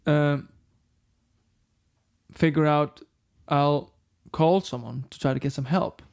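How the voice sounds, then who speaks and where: A middle-aged Icelandic rock frontman, whose first language is Icelandic, tells his story frankly and with profanity in an interview, acting out the dialogue he quotes. His voice is slightly high, slow, gravelly and darkish.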